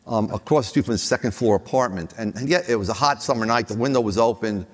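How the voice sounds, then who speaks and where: A man's voice: fairly low pitch, fast talker, husky. An older man on a conference panel, telling anecdotes with frequent restarts and chuckles. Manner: rambling, many restarts, chuckles at own stories. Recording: long reverb of a hall.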